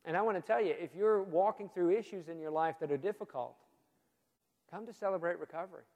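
A man preaching a sermon in a church, earnest and emphatic, often dropping his voice low for emphasis. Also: fairly quick, darkish tone. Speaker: pastor. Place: church sanctuary. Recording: long reverb of a church hall.

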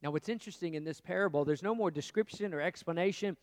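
A man preaching a sermon as pastor, earnest, rising to emphatic peaks and dropping to hushed asides. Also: a little high, fast, no room sound.

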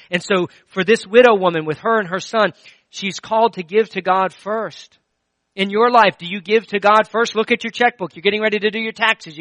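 A middle-aged man preaching a sermon in a high, bright voice. He tells stories conversationally, restarting phrases and dropping from loud to hushed. The sound is close and dry, with no room echo. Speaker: pastor.

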